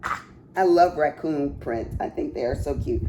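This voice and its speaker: A woman's voice: low voice, moderate pace, dark tone, slight background noise. A woman with a cough, chatting to viewers as she shows off a craft haul, exclaiming often. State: has a cough. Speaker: craft vlogger showing a haul. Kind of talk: casual chat.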